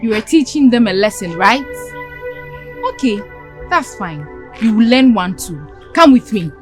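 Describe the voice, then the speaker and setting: A woman's voice: a little high, expressive, measured pace, faint music behind. A woman playing a stern teacher who firmly disciplines a student. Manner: cold, firm.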